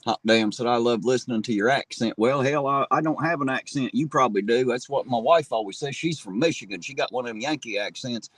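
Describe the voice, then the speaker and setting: A man's voice: medium pitch, fairly quick, hardly any pauses, no room sound. Brief: middle-aged Ohio man, Appalachian drawl, laid-back and profane, dry close sound. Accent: southern Ohio Appalachian drawl. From southern Ohio. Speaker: livestream host. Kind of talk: casual chat reading viewer comments. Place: parked car at night.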